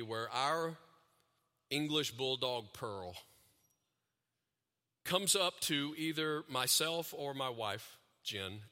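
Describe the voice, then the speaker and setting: A man delivering a sermon in a conversational way, asking the crowd questions and circling back over his own phrases. His voice is sharp and bright and pitched a little high. It carries through a large hall with a long reverb. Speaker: pastor.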